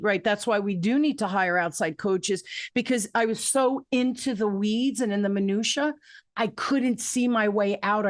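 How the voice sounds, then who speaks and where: A woman in her fifties hosting an interview, telling stories with lively acted-out quotes in casual chat. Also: fairly high pitch, dry recording, studio quality. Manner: animated storyteller, acts out quotes. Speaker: podcast host.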